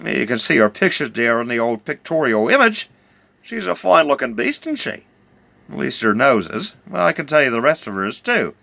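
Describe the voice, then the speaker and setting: Brief: middle-aged New man, rambling stammering storyteller, lively pitch, very dry close recording. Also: brisk, vocal fry, dry recording. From New Zealand. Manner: rambling, stammering, full of hesitations. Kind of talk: rambling comic yarn.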